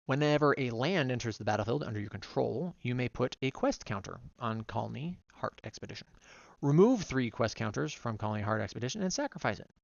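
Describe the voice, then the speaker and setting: Casting note: gravelly male streamer, dry close mic, slightly dull sound, rattling through card text. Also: medium pitch, lively intonation, dry recording. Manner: reads card text aloud, quick and run-on. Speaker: vtuber streamer. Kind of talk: casual card-by-card deck reading.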